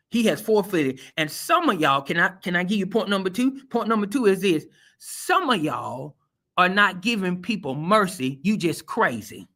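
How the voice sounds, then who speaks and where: Here the host and preacher speaks in a high, bright and forceful voice. His motivational talk follows a sermon style, with a recurring preaching rhythm and an emphatic, folksy, plainspoken directness.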